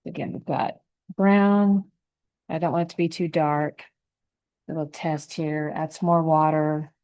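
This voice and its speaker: Lady painting teacher, lowish mellow voice, calm and easygoing, talks thru every stroke. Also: rough recording. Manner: gentle, unhurried, thinking aloud while painting. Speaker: painting instructor. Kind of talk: step-by-step painting lesson.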